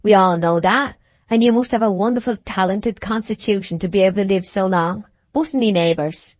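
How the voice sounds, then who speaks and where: A woman's voice: medium pitch, normal speed, dry recording, lightly acted. Audiobook casting: woman voicing a coaxing rustic labourer, soothing, dry sound. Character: genial male village labourer. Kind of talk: audiobook character reading.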